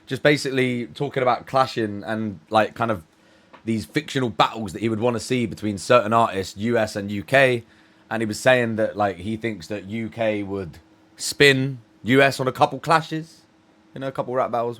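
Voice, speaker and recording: A man from the UK hosts a reaction video, chatting casually but hesitantly and restarting often. His voice is medium in pitch with a fairly bright tone.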